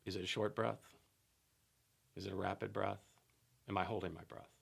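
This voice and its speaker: Calm gravelly-voiced man teaching. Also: low voice, moderate pace. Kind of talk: explanatory teaching talk.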